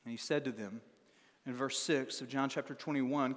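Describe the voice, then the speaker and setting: A man's voice: medium pitch, steady tone, normal speed. Man, sermon, dramatic emphasis, echoing hall. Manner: dramatic reading with shifting emphasis. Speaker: pastor. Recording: long hall reverb.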